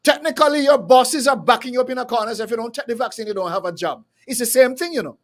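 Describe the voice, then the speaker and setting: A fiery man hosts a live talk show. His voice sits high for a man, and he rants hard, often stumbling and repeating words as he pushes his point. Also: quick pace. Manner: fiery, repetitive, stumbling restarts. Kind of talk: impassioned call-in commentary.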